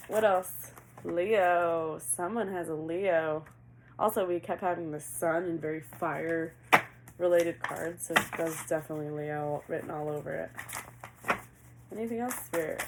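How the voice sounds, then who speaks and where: A woman's voice: on the low side, normal speed, long pauses, noisy background. A woman giving a casual tarot reading, chatty and laughing often, asking questions aloud as she goes. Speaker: tarot reader.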